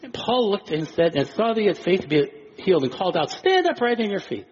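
A man preaching a sermon in an animated way, acting out quoted voices with chuckles. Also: high-pitched, fast, muffled recording. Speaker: pastor.

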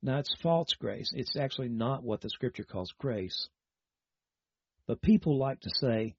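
A man's voice: medium pitch, animated, unhurried, husky, no echo. A man preaching a broadcast sermon, earnest and exhorting, then leading listeners in a prayer. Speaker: radio Bible teacher. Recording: dull lo-fi broadcast with faint music.

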